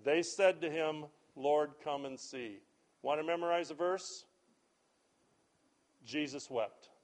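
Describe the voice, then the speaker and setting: A male pastor delivering a sermon, reading scripture aloud in a measured, deliberate way. His voice sits a little on the high side. He leans hard on key words and then steps out of the text for plain, conversational asides.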